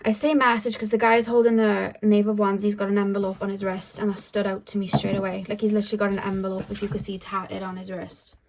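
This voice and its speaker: A woman's voice: mid-range voice, flat delivery, quick pace, few pauses, darkish tone, a little hiss or hum, poor audio. Young woman, tarot reader, casual chat, filler-heavy, talkative. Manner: chatty, many "like" fillers.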